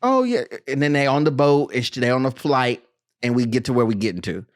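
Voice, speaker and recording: Joking podcast host riffing on a movie, mid pitch, dry close sound. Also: no echo. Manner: animated, joking, quick asides. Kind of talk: casual film review chat.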